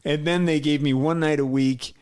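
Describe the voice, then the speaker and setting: A man's voice: fairly high pitch, fairly even intonation, moderate pace, a little mellow, smooth. Former radio DJ, male, Midwestern accent, plain and straightforward delivery, dry wit. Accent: Midwestern American. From Midwest United States. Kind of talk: casual interview chat.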